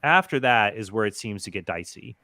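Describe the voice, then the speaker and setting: A man's voice: lowish voice, lively intonation, a little fast, gravelly, pushed and bright, no room sound. A man in a casual discussion, explaining and defending the points he made in a debate. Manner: explanatory, argumentative.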